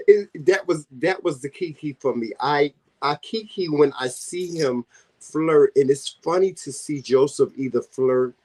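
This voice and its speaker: A man with a Southern US accent, hosting a casual vlog chat and telling teasing stories in an animated way. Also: medium pitch, rough recording. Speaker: vlog host.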